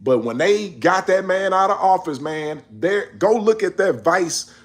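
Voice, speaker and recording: A man's voice: sits high, expressive, unhurried. A man in a casual monologue on world events, emphatic and preachy, scolding his listeners in slangy speech. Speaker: commentator.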